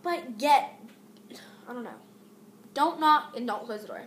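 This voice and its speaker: A woman's voice: fairly high pitch, lively intonation, unhurried, echoey room, a little hiss or hum. A teenage girl vlogging a casual rant about pet peeves, exasperated and rambling with many fillers and restarts.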